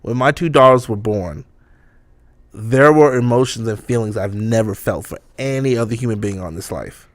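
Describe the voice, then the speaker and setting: A man's voice: mid-range voice, normal speed, no echo. A young man co-hosting a podcast, chatting casually, swearing and laughing often. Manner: laid-back, swears freely, laughs often. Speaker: podcast co-host. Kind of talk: casual chat.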